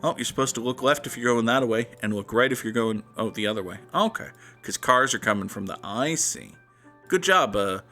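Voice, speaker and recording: A man's voice: mid-range voice, sharp tone. A man hosting a gaming channel, talking through a guessing game in a sarcastic, rambling, self-mocking way. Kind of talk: casual gameplay commentary.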